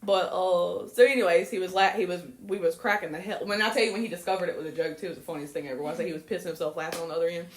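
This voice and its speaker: A young woman, co-hosting a podcast and telling stories in a casual chat, swearing freely and breaking into high laughter. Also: steady tone, very fast, few pauses. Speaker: podcast co-host. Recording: roomy echo.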